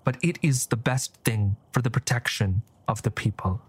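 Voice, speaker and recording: A man voicing a scheming, composed male church cardinal who speaks in measured, formal oratory. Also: medium pitch, breathy edge, no room sound, lightly acted. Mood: solemn.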